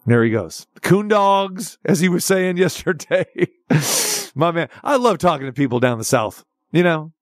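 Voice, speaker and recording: A man's voice: a little high, big pitch swings, normal speed, no echo, clean studio sound. A man hosting a sports radio show, talking in a casual, jokey, rambling way. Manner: jokey, rambling, switches dialects playfully.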